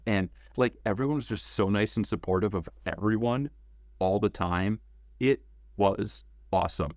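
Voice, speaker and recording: Guy with a lowish voice telling stories in an interview, animated, swears a lot, dry sound. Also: normal speed, no echo. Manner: animated storyteller, acts out quotes, swears freely. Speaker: interview guest, former game cinematics director. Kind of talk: casual storytelling interview.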